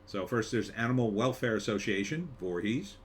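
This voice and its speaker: A man's voice: fairly low pitch, animated, normal speed, slight background noise. A middle-aged man, hosting a podcast news roundup with chatty, offhand asides. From South Jersey. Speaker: podcast host. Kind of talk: casual news roundup chat.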